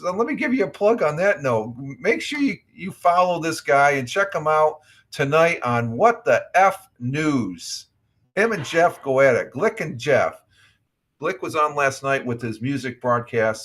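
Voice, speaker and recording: A middle-aged male streamer hosts a casual morning livestream chat, rambling in a friendly way, reading chat aloud, and restarting his sentences often. His voice is on the high side and a bit bright, animated but a little slow.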